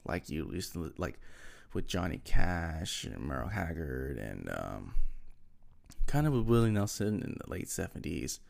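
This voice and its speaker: A man's voice: very deep voice, big pitch swings, unhurried, creaky, darkish tone. A young man chatting casually on his own, rambling, often losing names mid-thought and filling gaps with ums and likes. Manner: rambling, loses names, many fillers. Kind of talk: casual solo chat.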